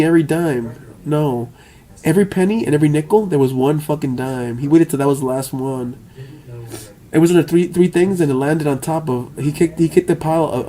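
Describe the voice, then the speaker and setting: A vlogger with a slightly high, dark-toned voice tells a rambling, profane story. He stammers, repeats words as he goes, and often laughs.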